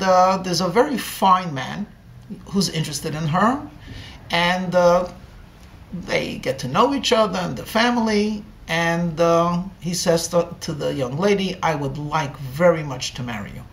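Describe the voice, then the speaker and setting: A man, a rabbi, telling a story in a sermon at a slow, deliberate pace with many pauses. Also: sits high, vocal fry, a bit bright.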